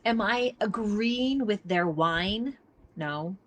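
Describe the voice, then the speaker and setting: A woman's voice: mid-range voice, lively intonation, takes it slowly. A middle-aged woman giving a casual live teaching talk, earnest and emphatic, speaking straight to her listeners. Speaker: body mapping teacher. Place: outdoors near traffic.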